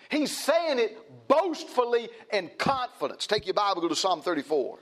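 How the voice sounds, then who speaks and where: A man's voice: high-pitched, sing-song, moderate pace, hardly any pauses, fairly bright tone. A man preaching a sermon, emphatic and repetitive, often restarting his phrases.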